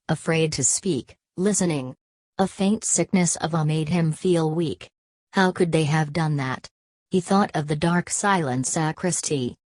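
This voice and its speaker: A woman reading a classic novel aloud as an audiobook narrator, in a steady, even manner. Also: sits low, dry recording. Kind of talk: scripted narration.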